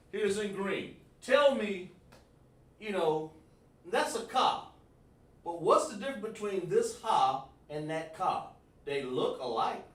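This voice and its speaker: A man teaching a live online class, calling on students by name and sounding out syllables slowly at a whiteboard. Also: high voice, fairly bright tone. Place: room with a whiteboard. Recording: echoey room, voice far from the mic.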